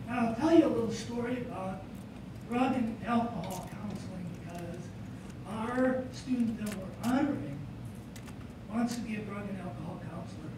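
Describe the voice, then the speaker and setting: Earnest male professor in an echoey hall. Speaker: psychology professor presenting an award. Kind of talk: ceremony presentation speech. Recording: echoey hall from far off, background rumble.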